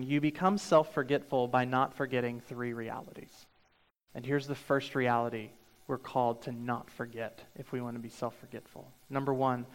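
Earnest young male pastor preaching. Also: mid-range voice. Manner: earnest, emphatic, repeats key phrases. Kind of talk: sermon. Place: church.

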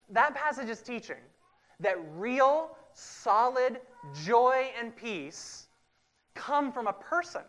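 A man preaching a sermon, emphatic, repeating key phrases and swinging from loud to hushed. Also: very high voice, animated, slow pace. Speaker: pastor.

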